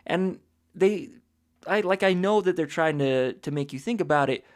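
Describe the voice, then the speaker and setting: A man's voice: a little high, normal speed. A man co-hosting a casual podcast, joking and acting out little quotes. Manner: jokey, acts out quotes. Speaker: podcast co-host. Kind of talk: casual book-club chat.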